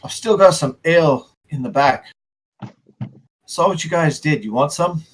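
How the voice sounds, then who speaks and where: A man's voice: fairly high pitch, unhurried, a little hiss or hum, close to an everyday voice. A man voicing a blunt, foul-mouthed female tavern keeper, talking in an offhand way. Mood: gruff.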